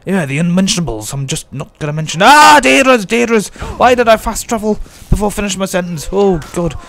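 A man's voice: high voice, quick pace. A man giving chatty, jokey commentary as he plays a game and talks to himself. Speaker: let's play host. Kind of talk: casual gameplay commentary.

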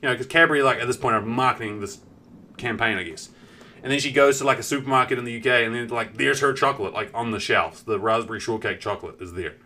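A man's voice: mid-range voice, fast talker, bright, forceful tone, slight background noise. Rambling, cussing male streamer. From New Zealand. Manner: rambling, lots of fillers and swearing, acts out quotes. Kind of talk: casual chat.

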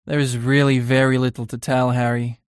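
A man's voice: mid-range voice, flat delivery, a little fast, clean tone, no room sound, studio quality, lightly acted. A man voicing an earnest young painter in an audiobook, confiding and uneasy in tone.

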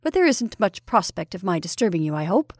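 A woman's voice: mid-range voice, very animated, a little fast, no echo, studio quality. Woman reading as a fussy, prim male professor. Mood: reasoning.

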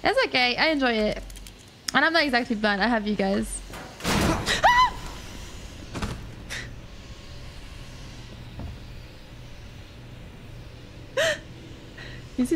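A woman streamer giving first-time gameplay commentary, excitable, laughing and swearing often as she talks to her chat. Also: a little high, a little hiss or hum. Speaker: gaming streamer.

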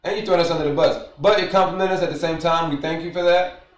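A man reacts on stream in a fairly high voice, reading passages aloud and then ranting with emphatic, repeated points. He sits back from the mic, and the room around him sounds echoey. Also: steady tone, fast talker, far from the mic. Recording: roomy, away from the mic.

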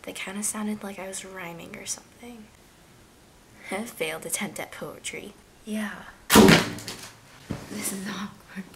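American woman, jokey sketch vlogger, slow and giggly, often whispers; noisy home recording. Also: medium pitch, fairly even intonation, gravelly. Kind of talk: comedy sketch vlog.

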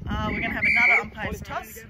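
A woman giving chatty, excitable live commentary on an amateur match from the sideline, laughing easily. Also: medium pitch, quick pace. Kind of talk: casual live sports commentary. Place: outdoors at a sports field sideline. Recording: outdoor sideline with crowd noise. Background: spectators cheering and chatting.

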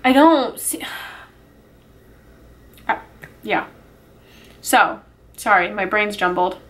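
A woman's voice: mid-range voice, very slow, fairly bright tone. A woman talking to her small channel in an emotional vlog, upset and swearing, rambling with sighs and restarts. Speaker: YouTuber.

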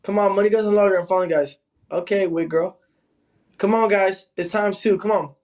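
A man's voice: high voice, fairly even intonation, fairly quick, darkish tone. A man on a casual livestream who taunts his rival and calls out to his viewers. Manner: taunting, teasing, calling out to viewers. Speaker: livestreamer in a live battle.

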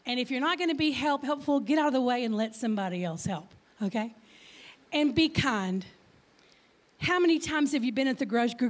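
Lively high-voiced Texan woman. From Texas. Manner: lively, chatty, jokes and audience questions, slight stutter. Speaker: guest speaker. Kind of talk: church talk to congregation. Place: church.

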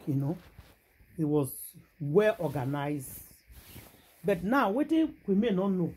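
A woman with a Nigerian accent telling a gossip story in a casual vlog, animated and exclamatory, mixing Pidgin and English. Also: on the low side, takes it slowly, pauses often, breathy edge. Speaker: gossip vlogger.

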